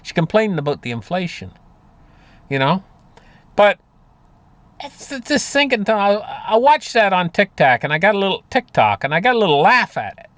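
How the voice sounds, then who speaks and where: Guy rambling about money, lots of "you know", bit high voice, dry sound. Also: very animated, fairly quick, a bit bright, no room sound. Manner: rambling, folksy, many fillers and restarts. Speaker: market commentator. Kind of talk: casual monologue on finance.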